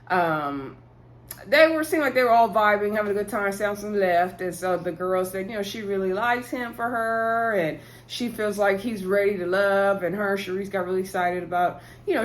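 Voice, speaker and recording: A woman's voice: medium pitch, slight background noise. Chatty woman recapping a reality show. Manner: chatty, animated retelling with quoted voices and laughs. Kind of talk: casual recap vlog.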